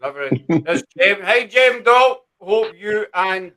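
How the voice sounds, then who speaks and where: A man's voice: high voice, lively intonation, unhurried, sharp tone, rough recording. A man hosting a casual panel chat, joking and laughing often. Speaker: podcast host.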